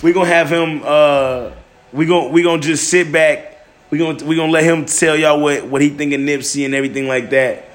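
A man's voice: a little high, steady tone, a little fast. A man hosting a solo podcast, talking loosely with lots of restarts and fillers. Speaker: podcast host. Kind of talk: casual solo podcast monologue. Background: faint music.

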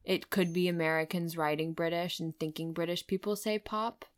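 A woman's voice: on the low side, steady tone, normal speed. A young woman co-hosting a podcast, recapping a movie in casual chat, swearing freely and acting out the characters' lines. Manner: chatty, swears freely, acts out quotes. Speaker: podcast co-host.

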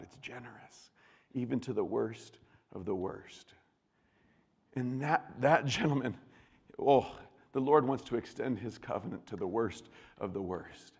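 A man's voice: mid-range voice, long reverb tail. An adult man preaching a sermon as a pastor, talking conversationally and often repeating words and restarting. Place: church.

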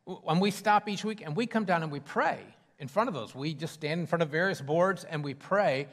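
A man's voice: on the high side, a little fast, fairly bright tone, in a large hall. A man preaching a sermon in a church, conversational with fillers and restarts. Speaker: pastor. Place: church sanctuary.

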